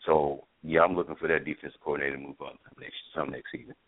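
A man on a football talk show, halting as he finds his words. His voice is extremely deep. It sounds thin and tinny, with no room sound. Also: level tone, dry recording. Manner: hesitant, halting. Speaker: podcast co-host. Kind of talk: casual sports talk. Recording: tinny phone-line sound, dry.

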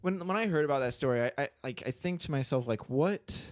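This podcast co-host is an expressive, fast talker with a mid-range voice, rambling through casual chat with plenty of fillers and frequent laughs. The recording is studio quality with no echo.

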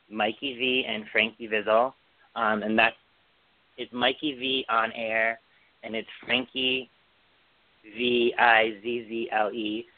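A man's voice: on the low side, no echo. A man co-hosting a podcast in casual chat, gushing and chatty with lots of fillers. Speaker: podcast co-host. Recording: dry, phone-like sound.

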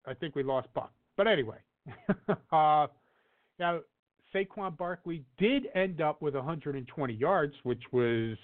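A man's voice: on the high side, animated, unhurried. Man chatting sports, tinny phone-like sound. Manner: rambling, many fillers and restarts. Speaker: podcast co-host. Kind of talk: casual sports chat.

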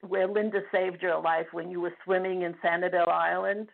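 An older woman calling in to a radio show, speaking in a halting, emotional way and close to tears. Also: lowish voice, little pitch movement, vocal fry. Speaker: caller. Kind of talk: phone-in radio chat. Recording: tinny phone line.

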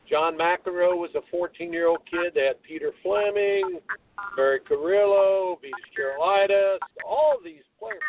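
Older man telling a story over the phone. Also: sits high. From American Midwest. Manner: animated storyteller, acts out quoted voices, laughs. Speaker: guest tennis coach. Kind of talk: storytelling on a radio talk show. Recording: tinny phone line, distant.

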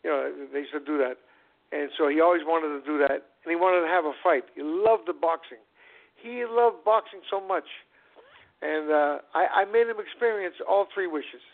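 A man's voice: fairly high pitch, moderate pace. A man, a former boxing champion, telling his life story in a rambling conversational way, repeating words and restarting. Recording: phone-like narrow band radio audio.

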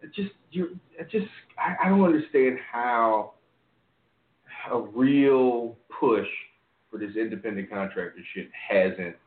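Male podcast host, casual and profane, animated ranting, echoey room, phone-quality line. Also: measured pace. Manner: animated, profane, voice jumps high when mocking.

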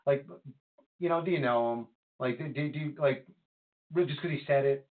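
A man co-hosting a casual podcast, talking politics in an animated, rambling way with lots of fillers and restarts. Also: mid-range voice, brisk. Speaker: podcast co-host. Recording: phone-like lo-fi line.

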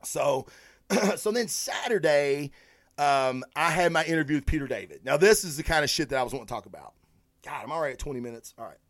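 A male podcast host rambles through a story in casual, profanity-heavy talk. He sounds excitable and keyed up. His voice sits a little higher than most men's.

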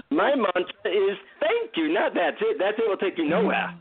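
Man putting on a patient old Indian guru, high and gravelly, slow solemn teaching tone, phone-line sound. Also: very animated, heavily acted. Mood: solemn, instructive. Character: calm older male Indian guru, wise and patient.

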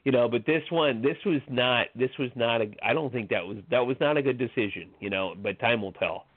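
A man's voice: mid-range voice, fairly quick, no echo. A man chatting casually about college basketball on a sports podcast, rambling with many fillers and restarts. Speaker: sports blogger. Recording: tinny phone-like audio.

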